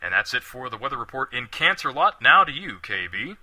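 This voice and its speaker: Bright lively man in a mock-posh radio bit. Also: mid-range voice, fairly quick. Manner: playful, mock-posh announcer delivery. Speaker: co-host reading a comic weather report.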